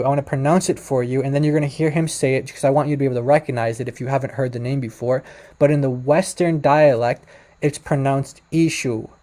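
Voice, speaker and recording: A man's voice: on the high side, warm tone. A man casually walking viewers through a screen-share explainer, tentative and self-correcting, often stopping to apologize in case he has something wrong. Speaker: presenter.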